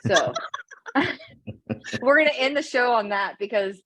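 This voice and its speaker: A woman's voice: on the high side, lively intonation, takes it slowly, pushed and bright, no room sound. A woman in her thirties co-hosting a podcast, chatting casually and teasing her guests and co-host. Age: 30s. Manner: playful and teasing. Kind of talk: casual chat.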